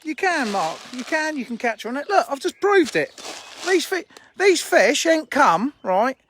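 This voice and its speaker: A man with a very high voice and wide swings in pitch talks at a normal speed, his tone slightly bright with a faint hiss or hum. He owns a fishery and is live-streaming on a handheld phone as he strolls around his lake, chatting informally in a blunt, laughing way while birds sing faintly outdoors.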